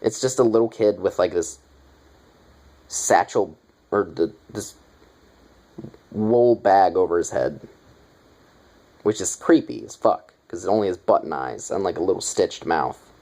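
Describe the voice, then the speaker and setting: Low-voiced man gushing over a movie. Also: unhurried, long pauses. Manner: excited, rambling, heavy swearing. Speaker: movie reviewer. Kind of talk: casual movie review.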